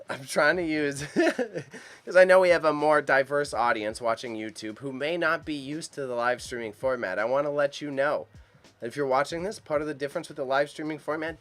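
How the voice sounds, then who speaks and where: A man's voice: mid-range voice, a bit bright. A man hosting a live stream about an auction, talking casually and enthusiastically to his chat viewers with a lot of slang. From Canada. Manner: chatty and enthusiastic, speaks straight to chat viewers, uses slang.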